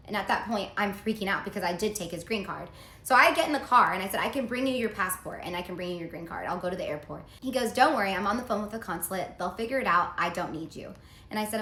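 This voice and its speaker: A woman's voice: medium pitch, fast talker, fairly bright tone. A woman telling her own story in a casual storytime monologue, earnest and confiding, reading out text messages as she goes. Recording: roomy echo, faint background noise.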